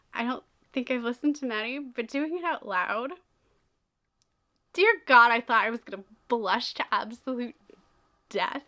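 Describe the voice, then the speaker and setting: A young woman chatting casually about books she has read, animated and often laughing as she talks. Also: a little high. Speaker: book reviewer. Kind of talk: casual book review chat.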